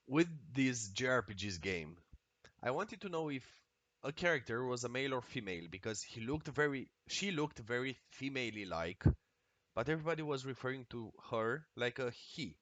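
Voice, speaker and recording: A man streaming a video game, talking casually and excitably with lots of swearing and exclamations. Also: medium pitch, moderate pace, no echo. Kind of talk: casual live-stream commentary while playing.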